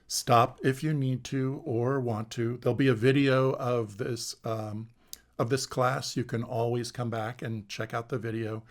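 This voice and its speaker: A man teaching an online meditation class over a video call, speaking slowly and gently, with frequent hesitant fillers. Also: mid-range voice.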